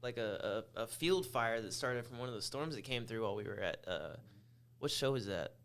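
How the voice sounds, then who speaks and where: A laid-back man chats casually as a podcast co-host, at a mid pitch. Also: expressive, a little fast, gravelly, a bit bright, clear, resonant tone. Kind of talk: casual chat.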